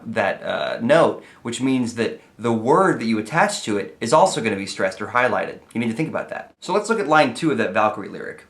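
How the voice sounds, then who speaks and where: A man's voice: mid-range voice, a bit bright. A young man giving a playful, comedic lesson on writing song lyrics, sometimes singing his examples. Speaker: songwriting teacher.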